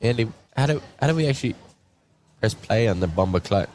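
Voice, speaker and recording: A man's voice: on the low side, expressive, a little fast, darkish tone. Brief: Australian male radio host, casual and slangy, broadcasting from a showground shed over crowd noise. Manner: laid-back, slangy, chatty. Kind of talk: casual outside-broadcast chat.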